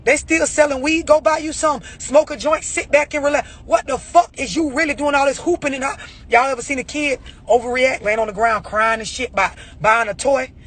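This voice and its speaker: Blunt, high-voiced ranting man. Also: steady tone, fairly quick, few pauses, a bit bright. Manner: blunt, preachy, heavy on rhetorical questions. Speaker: motivational speaker. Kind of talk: profane motivational rant.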